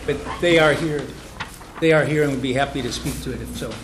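A man reading an oral amendment aloud to a committee, slowly and deliberately. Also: medium pitch, fairly even intonation, a little hiss or hum, rough recording. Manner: deliberate, reads text slowly. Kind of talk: formal committee testimony. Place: legislative hearing room.

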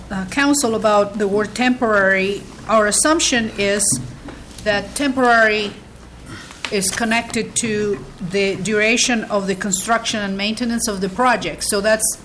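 A woman committee chair running a vote and asking about wording in a brisk, procedural way. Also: medium pitch, fairly bright tone, a little hiss or hum. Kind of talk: chairing a hearing. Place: legislative hearing room.

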